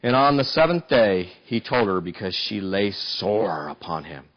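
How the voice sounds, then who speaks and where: A man preaching a sermon, telling a story in an animated way and often repeating words as he restarts. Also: lowish voice, unhurried, lo-fi sound.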